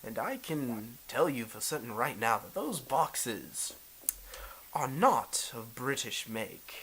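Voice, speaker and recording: A man's voice: medium pitch, sing-song, sharp tone, breathy edge, heavily acted, rough recording. A man playing a smug feudal lord. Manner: slow, measured speech with amused laughs. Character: scheming male feudal lord, smug and confident.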